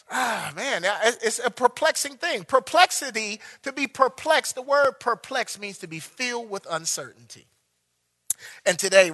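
Impassioned high-voiced male preacher. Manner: impassioned, swings between loud bursts and hushed lines. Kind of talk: sermon. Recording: long hall reverb.

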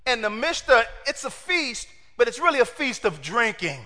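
A man preaching a sermon in an animated way, asking his congregation questions and acting out the quotes. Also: very high voice, normal speed, long reverb tail.

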